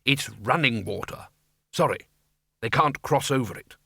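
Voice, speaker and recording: A man voicing a flat, pedantic elderly male wizard lecturer in an audiobook, speaking slowly and matter-of-factly. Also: medium pitch, vocal fry, husky, dry recording, studio quality, full character voice. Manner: flat, slow and matter-of-fact.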